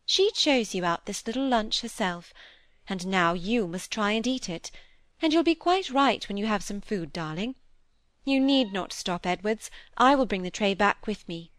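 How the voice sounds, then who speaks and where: A woman's voice: medium pitch, animated, normal speed, no echo, natural voice. Woman doing a sweet, coaxing young lady. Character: pretty young lady in mourning, sweet-voiced.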